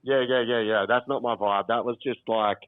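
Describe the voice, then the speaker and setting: A man's voice: mid-range voice, fairly even intonation, moderate pace, dry recording. An Australian man calling in to a podcast from a holiday abroad, chatting laid-back and swearing often. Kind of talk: casual podcast chat. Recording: dull lo-fi call line.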